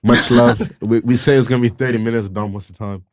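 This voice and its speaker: A man's voice: mid-range voice, fairly even intonation, quick pace. A young man hosting a podcast in casual chat, laid-back and slangy, laughing often. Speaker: podcast host.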